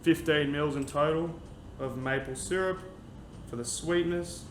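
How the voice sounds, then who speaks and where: Speaking unhurriedly in a fairly high voice, a young bartender and podcast host chats brightly through a cocktail recipe for his casual talk show. The recording has an echoey room sound with noise in the background.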